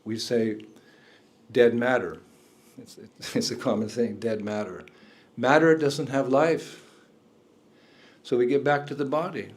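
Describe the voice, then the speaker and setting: A man's voice: medium pitch, fairly even intonation, measured pace, pauses often. An older man, a spiritual teacher, giving a talk indoors to a room of listeners, chuckling often and asking them questions.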